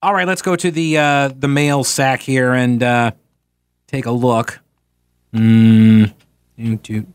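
A man's voice: mid-range voice, takes it slowly, pauses often, clean tone, dry recording. Sarcastic male talk radio host, dry studio. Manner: sarcastic, mocking, animated. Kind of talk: casual talk radio, reading listener mail.

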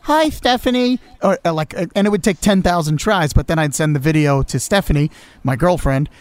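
A man's voice: a little high, a little fast, dry recording. Blunt young man, dry close sound. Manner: blunt, crude joking. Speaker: podcast intern co-host. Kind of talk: casual chat.

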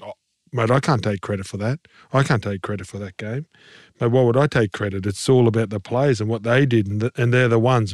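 A man's voice: mid-range voice, darkish tone, no room sound, studio quality. A man co-hosting a rugby league podcast, giving blunt, passionate opinions in casual chat. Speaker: podcast co-host, former rugby league player. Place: podcast studio.

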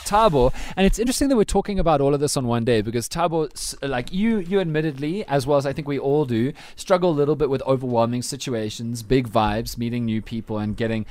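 A man's voice: medium pitch, fast talker, few pauses, darkish tone. A man hosting a breakfast radio show, teasing and playful. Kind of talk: casual radio banter. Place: radio studio.

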